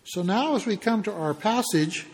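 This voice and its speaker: A man preaching a sermon, explaining the passage in a conversational way with pauses and restarts. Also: sits high, expressive, big-room sound, slight background noise. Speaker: pastor.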